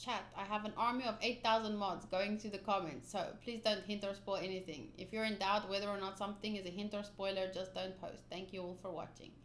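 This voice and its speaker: A woman's voice: medium pitch, fairly even intonation, brisk, few pauses, a bit bright, a little hiss or hum. A woman streamer giving casual, chatty asides during a manga readthrough. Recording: roomy echo.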